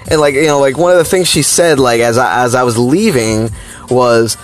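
A man's voice: medium pitch, normal speed. Rambling man telling a childhood story. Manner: rambling, filler-heavy, animated. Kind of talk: casual personal story.

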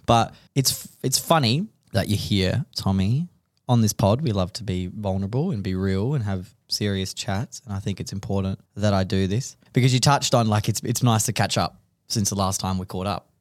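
Young australian man, podcast co-host, rambling and emotional, lowish voice, dry close sound. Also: normal speed, no room sound. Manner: rambling, emotional storytelling with many restarts. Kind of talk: casual podcast chat.

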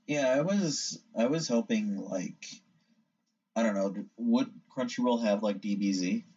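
A man's voice: fairly low pitch, a little slow, darkish tone. Casual young male host, jokey and ribbing, muffled off-mic sound. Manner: joking, teasing. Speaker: podcast host. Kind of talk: casual chat. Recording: distant, dull-sounding mic.

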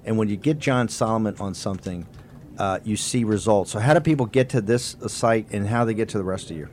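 A man's voice: on the low side, fairly quick, a little mellow, slight background noise. A man hosting a political talk show, delivering an impassioned, rambling monologue full of emphatic repetition. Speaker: host.

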